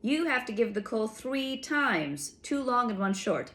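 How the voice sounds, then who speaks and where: A woman voicing an outlaw sentry man with a high, trembling voice and a soothing, simple-minded manner. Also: expressive, unhurried, fairly bright tone.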